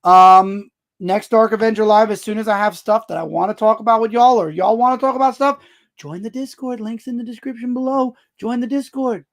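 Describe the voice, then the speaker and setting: Loud, jokey live-stream host, man. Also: high-pitched, brisk. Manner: loud, animated, jokey, answers chat comments aloud. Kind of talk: casual live-stream chat.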